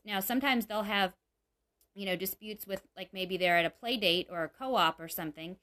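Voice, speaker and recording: A woman's voice: medium pitch, moderate pace, sharp tone. A mother giving parenting advice in a casual, earnest talk, with lots of "you know" fillers.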